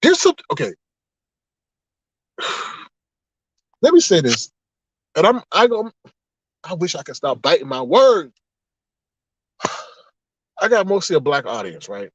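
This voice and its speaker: A man with a high, lively voice chats casually on a livestream, talking back to his chat and telling stories with big exclamations. The sound is dry and a little dull and lo-fi. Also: takes it slowly, pauses often, husky, no room sound. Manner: animated, exclamatory storytelling with frequent laughs. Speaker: livestream host reading chat.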